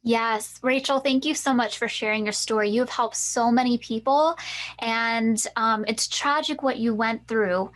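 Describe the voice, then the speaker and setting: A woman with a fairly high voice co-hosts an empowerment masterclass. She tells her own story earnestly and with lively energy, speaking straight to her listeners. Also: unhurried. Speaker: empowerment coach, co-host.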